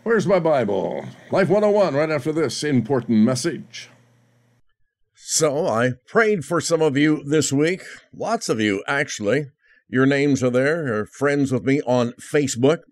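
A man's voice: medium pitch, lively intonation, a little slow, no room sound, studio quality. An older man in his eighties hosting a Christian radio talk show, chatty and joking, laughing at his own lines.

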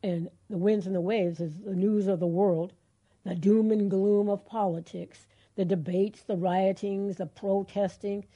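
A woman's voice: mid-range voice, fairly even intonation, unhurried, warm tone, muffled recording. A middle-aged woman co-hosting a Christian call-in radio show, talking earnestly and encouragingly. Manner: earnest, encouraging, laughs easily. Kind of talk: faith talk radio chat.

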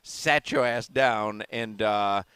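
A man's voice: fairly low pitch, takes it slowly, a bit bright, clear, resonant tone, dry recording. A man hosting a live talk radio show, chatting in a rambling, self-amused way from a remote broadcast. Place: bar or restaurant remote broadcast.

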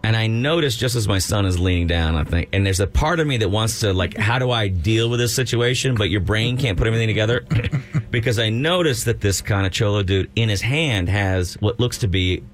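A man's voice: on the low side, fairly quick. A man co-hosting a talk show, telling a long funny story in casual chat and acting out the voices of the people in it. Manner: animated storyteller, acts out quoted voices. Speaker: radio show co-host.

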